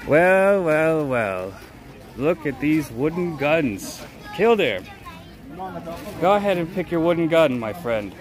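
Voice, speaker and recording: A man's voice: on the high side, big pitch swings, slow. A man streaming live on his phone, walking an outdoor night market and joking theatrically. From United States. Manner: playful, theatrical and jokey. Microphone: handheld phone. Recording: phone mic with loud street crowd. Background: busy crowd chatter.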